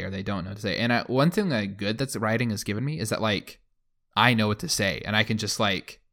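A man's voice: on the low side, fairly bright tone. A young man hosting a podcast in casual chat, rambling with many fillers. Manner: rambling, lots of fillers like "like" and "you know". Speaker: podcast host.

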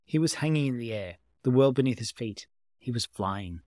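A man reading a story aloud as an amateur narrator, calm and even. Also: mid-range voice, normal speed, no echo, clean studio sound. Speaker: amateur reader. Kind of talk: audiobook narration of fan fiction.

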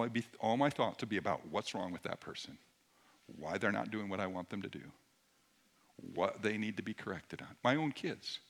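A middle-aged man preaching a sermon in a conversational way, dropping at times to a hushed near-whisper. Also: on the low side. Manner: conversational, shifts between loud emphasis and hushed near-whisper. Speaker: pastor.

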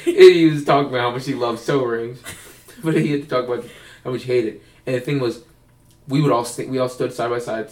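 A young man telling rambling stories in casual chat, co-hosting a podcast. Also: medium pitch. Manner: rambling, acts out quoted voices. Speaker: podcast co-host. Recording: roomy, distant mic.

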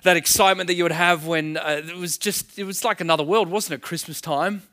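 A man's voice: on the high side, fairly even intonation, fairly quick, few pauses, pushed and bright. A man preaching a sermon in a conversational way, full of rhetorical questions. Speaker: pastor.

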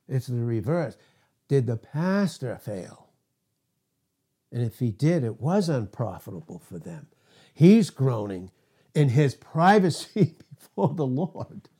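A man's voice: medium pitch, dark tone, husky. An older man teaching a casual sermon as a pastor, often chuckling and making self-deprecating asides. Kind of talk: informal Bible teaching sermon.

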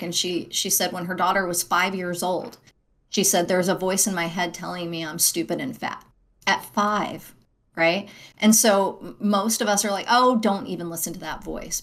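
A woman's voice: on the low side, a bit bright. A middle-aged woman, a guest on an interview show, speaking earnestly with frequent "right?" tags and restarts. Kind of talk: interview conversation.

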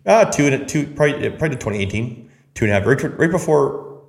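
A man hosting a podcast, telling personal stories in an animated, casual way with frequent restarts. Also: medium pitch, creaky. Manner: animated storyteller, quick restarts. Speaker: podcast host. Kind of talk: casual conversation. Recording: roomy echo.

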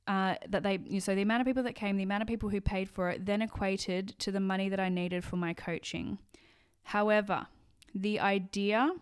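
With a smooth, medium-pitched voice, a woman hosts a casual solo podcast monologue. She's blunt, curses freely, and brings energy by acting out small quoted voices along the way.

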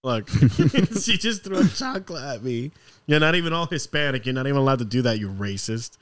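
A man's voice: mid-range voice, lively intonation, fairly quick, a bit bright. Guy joking around, laughs a ton, voice jumps up and down. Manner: laughing, teasing, profane. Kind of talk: casual chat.

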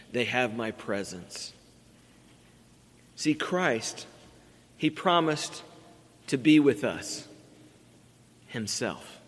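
A middle-aged pastor delivers a sermon in a fairly high, slightly bright male voice, earnest and building emphasis on key words. The recording carries a long reverb from a large hall.

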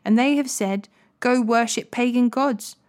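A young male warrior, pleading and defiant, voiced by a woman reading scripture aloud. The voice climbs in pitch on emphatic questions. It stays a plain reading voice rather than a full character voice. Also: a little slow, a little mellow, close to an everyday voice.

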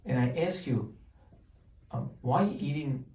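A man's voice: mid-range voice, a little slow. A man leads a Torah class as a rabbi, acting out both sides of imagined conversations with rising energy. His voice carries a roomy echo and sounds set back from the microphone. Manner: animated, acts out questions and answers in dialogue. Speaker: rabbi teaching a weekly class. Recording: roomy sound, mic at a distance.

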